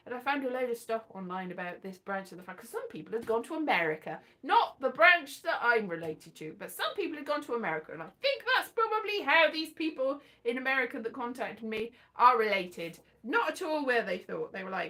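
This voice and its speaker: A middle-aged woman chatting casually, rambling from one story to the next, animated, breaking into little cheers and snatches of song. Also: high-pitched, normal speed. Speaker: vlogger. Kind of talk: casual chat.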